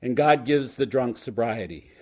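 A man's voice: medium pitch, normal speed, a little mellow. A man sharing his story at a recovery meeting in a humorous storytelling style, punchy and joking, then turning earnest. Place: lives in New York.

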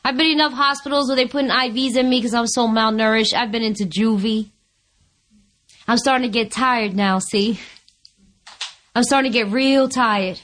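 A woman's voice: fairly high pitch, steady tone, normal speed, a bit bright. A woman sharing her recovery story before an audience, candid and wry, often laughing at herself. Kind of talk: personal testimony before an audience.

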